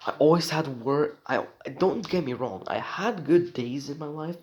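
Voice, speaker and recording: A man's voice: on the high side, expressive, a little slow, few pauses, darkish tone, slight background noise, poor audio. Rambling man. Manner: meandering, repeats himself, many fillers. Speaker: vlogger. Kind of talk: rambling personal vlog.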